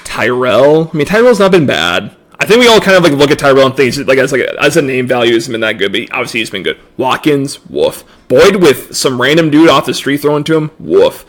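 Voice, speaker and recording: A man's voice: mid-range voice, animated, brisk, few pauses. A young man co-hosting a fantasy football podcast, offhand and self-mocking, often stumbling over his words. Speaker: podcast co-host. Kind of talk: casual fantasy football chat.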